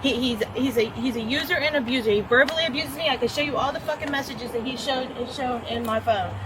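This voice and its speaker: A woman's voice: sits high, noisy background. Agitated woman on body camera audio. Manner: agitated, repetitive, profane, rushing over interruptions. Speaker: woman reporting a domestic dispute. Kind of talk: emotional account to a deputy. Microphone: officer's body camera.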